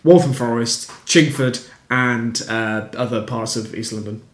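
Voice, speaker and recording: A man's voice: mid-range voice, fairly even intonation, unhurried, echoey room. A man co-hosting a casual podcast, talking in a hesitant way with frequent restarts. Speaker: podcast co-host. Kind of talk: casual chat.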